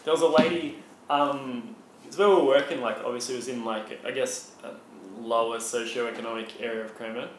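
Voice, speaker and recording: A man's voice: mid-range voice, steady tone, brisk, slight background noise. Rambling young Australian man, roomy sound. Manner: rambling storyteller, swears freely, laconic. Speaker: podcast co-host. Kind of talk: casual chat.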